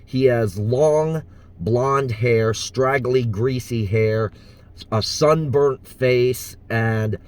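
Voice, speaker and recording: A man's voice: mid-range voice, extremely slow, darkish tone. A man from the US South talking casually in a vlog as an impressionist, hesitant and full of fillers. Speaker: impressionist vlogger.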